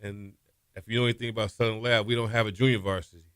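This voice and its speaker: A man's voice: fast, clear, resonant tone, no room sound, clean studio sound. A middle-aged man, a former quarterback telling stories in a casual interview and acting out what people said. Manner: animated storyteller, acts out quotes with raised pitch, laughs often. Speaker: former college quarterback, guest.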